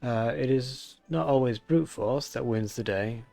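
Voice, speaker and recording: A man voicing a solemn old sage from a game, reading the lines aloud in a slow, measured way. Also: mid-range voice, creaky, darkish tone, dry recording, faint music behind.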